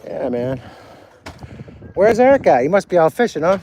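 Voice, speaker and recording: A man's voice: a little high, big pitch swings, moderate pace, long pauses, darkish tone, a little hiss or hum. A man on a casual live stream, talking loosely and swearing freely while he walks an outdoor harbor dock, filmed on a handheld phone. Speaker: vlogger walking a harbor.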